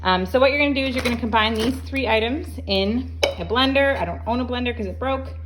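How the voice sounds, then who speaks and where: A woman's voice: on the high side, fast talker, background noise. A woman chatting casually through a homemade recipe demonstration in her farm kitchen, with joking asides and lots of ums. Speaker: home cooking vlogger. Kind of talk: casual home cooking demo.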